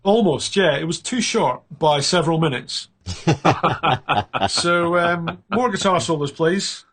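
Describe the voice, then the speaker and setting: A man's voice: a little high, a little slow, fairly bright tone. A Scottish man giving a chatty, self-mocking critique as a guest panelist on a music review show.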